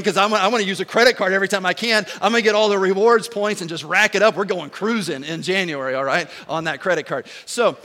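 A man in his forties, a pastor giving a sermon as an animated, joking storyteller. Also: high-pitched. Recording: long hall reverb.

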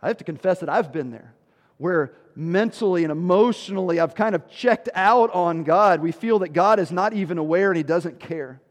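A man's voice: high voice, moderate pace, long reverb tail. A man preaching a sermon, emphatic, with rhetorical questions and sudden drops in volume. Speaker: pastor.

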